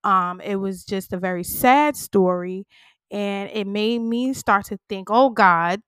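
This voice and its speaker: A woman's voice: medium pitch, unhurried, clean tone, dry recording. A woman hosting a podcast, talking candidly and emotionally to her listeners, shaken and close to tears. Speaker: podcast host. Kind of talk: personal podcast talk.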